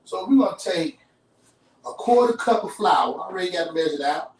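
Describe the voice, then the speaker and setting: Cooking host, male, chatty and down-home, fairly high voice, distant roomy sound. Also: animated, a little fast. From Chicago. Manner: chatty, folksy, talks straight to viewers. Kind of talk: live cooking demonstration. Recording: roomy kitchen, off-mic.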